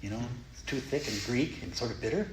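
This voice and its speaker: Animated man giving a dharma talk. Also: medium pitch, brisk, crowd noise. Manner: animated, playful, self-mocking. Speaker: Zen teacher. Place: meditation hall of a Zen center. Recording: echoey hall, faint ambience.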